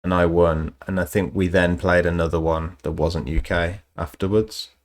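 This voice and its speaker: Casting: male streamer, very deep and gravelly, dry sarcastic humor. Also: little pitch movement, normal speed. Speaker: streamer co-host. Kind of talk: casual chat.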